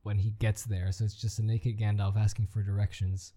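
A man's voice: fairly low pitch, little pitch movement, brisk, warm tone. A man chatting casually as a podcast co-host, hesitant and full of fillers. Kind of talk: casual chat.

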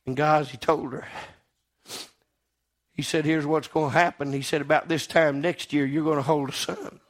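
High-voiced preacher, impassioned. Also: male voice, steady tone, normal speed. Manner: impassioned, swings from loud exclamation to quiet asides. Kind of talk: sermon.

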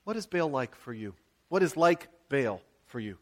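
An American man, a pastor, preaching a sermon in a conversational, animated storytelling way with frequent asides. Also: mid-range voice, moderate pace.

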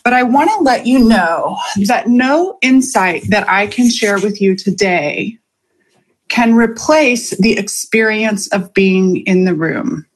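A woman hosts her live podcast in a loose, conversational way, pausing on ums and laughing now and then. Her voice sits in a middle pitch with a husky edge. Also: expressive. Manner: chatty, with frequent ums and laughs. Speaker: podcast host and coach. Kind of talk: casual live podcast monologue.

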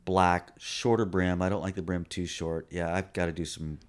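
A man's voice: deep voice, level tone, moderate pace, clear, resonant tone. A middle-aged man chatting casually as a guest, telling rambling, laid-back stories. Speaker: guest musician. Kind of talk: casual chat.

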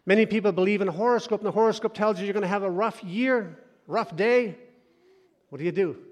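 Impassioned pastor in an echoing hall. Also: male voice, high-pitched, a little fast. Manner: impassioned, swings between loud urging and soft hushed asides. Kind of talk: sermon. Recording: long hall reverb.

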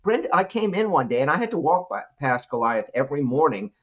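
Lively middle-aged man telling a story. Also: a little high, quick pace, husky, muffled recording. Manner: animated storyteller, laughs often, many restarts. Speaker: guest, entrepreneur. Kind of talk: storytelling interview answer.

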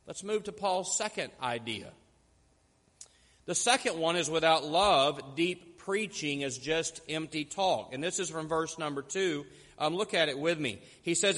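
A man preaching a sermon as pastor, telling stories and slowing down to stress key points. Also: on the high side, a bit bright, long reverb tail. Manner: storytelling, slows down for emphasis.

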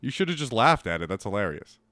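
A man's voice: fairly low pitch, sing-song, quick pace, bright, forceful tone. A young man, a comedian, co-hosting a casual podcast, laughing often and acting out lines in mock voices. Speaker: podcast co-host.

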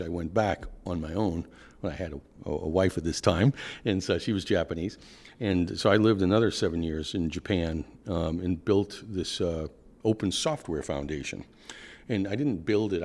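A man's voice: deep voice, long reverb tail. An older man with a Boston accent, talking through his career as an interview guest, rambling with restarts and plenty of enthusiasm. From Boston area. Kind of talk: conversational interview.

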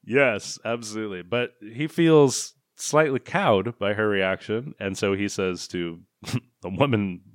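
A man's voice: fairly low pitch, a little slow, no room sound, clean studio sound. A man co-hosting a comedy podcast, recapping a film in a sarcastic, profane, mocking way.

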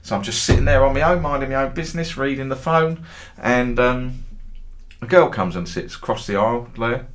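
A man's voice: medium pitch, a little fast. A middle-aged man who hosts a football trading group, telling meandering anecdotes with dry humour and casual swearing.

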